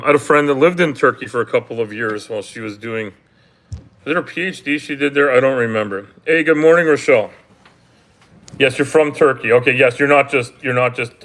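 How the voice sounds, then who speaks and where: A man's voice: medium pitch, fairly bright tone. Rambling Canadian man chatting on a livestream. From Canada, grew up in Toronto. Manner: rambling, halting, many ums and restarts; blunt, swears freely. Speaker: livestream host. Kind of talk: casual livestream chat with viewers.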